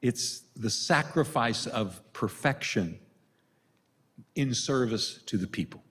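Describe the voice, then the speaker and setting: A man's voice: medium pitch, lively intonation, slow pace, a bit bright, husky. An older man, a priest from the United States, giving a retreat talk with storytelling and self-deprecating humor. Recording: long reverb of a large hall.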